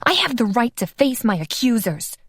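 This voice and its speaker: A woman's voice: on the high side, sing-song, normal speed, slightly rough, dry recording, studio quality, pitched above the performer's own voice, exaggerated voice. Woman voicing a fiery hot-tempered vampire woman. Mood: furious. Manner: shouting, combative.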